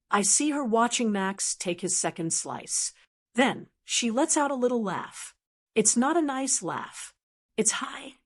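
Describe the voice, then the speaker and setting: Older woman narrating a personal story. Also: a little high. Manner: emotional, reflective.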